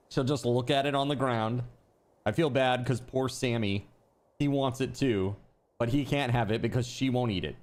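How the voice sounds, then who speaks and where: A man chatting casually with his live-stream viewers while playing a game, easygoing and quick to laugh. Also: mid-range voice. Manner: chatty and easygoing, laughs often, talks to chat.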